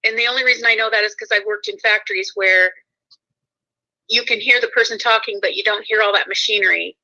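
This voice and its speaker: A woman's voice: medium pitch, steady tone, brisk, sharp tone. A woman hosting a casual talk show, rambling a little and correcting herself as she goes. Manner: rambling, self-correcting, laughs often. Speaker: show host. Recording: muffled lo-fi sound.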